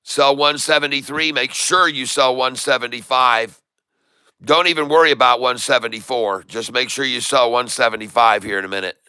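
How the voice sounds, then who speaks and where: A man giving live stock trading commentary, excitable, repeating his sell calls to viewers and joking in broken Spanish. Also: mid-range voice, moderate pace, clean tone, dry recording. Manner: jokey, mixes in broken Spanish.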